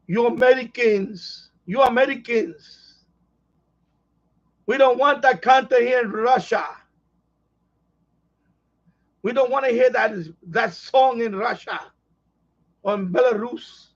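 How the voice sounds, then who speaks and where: A man's voice: extremely high pitch, measured pace, exaggerated voice. A man putting on a clumsy mock Russian accent. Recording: dull lo-fi live stream audio.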